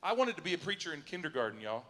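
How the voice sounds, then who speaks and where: Stand-up comic, man, bright, slightly high voice, live in a reverberant hall. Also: very fast. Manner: animated storytelling, acting out both sides of conversations. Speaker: stand-up comedian. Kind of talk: stand-up comedy set. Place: university auditorium before a live audience.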